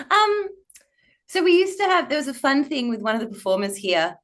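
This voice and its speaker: A burlesque performer from Perth, Australia, chats casually as a podcast guest, playfully telling animated stories, acting out quotes and laughing often. Her voice sits high and moves at normal speed.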